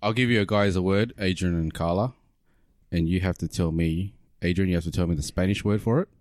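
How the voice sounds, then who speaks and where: A man's voice: low-pitched, fairly quick, darkish tone, no room sound. A man co-hosting a casual podcast, running a word quiz in a laid-back, swearing manner. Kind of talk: casual banter.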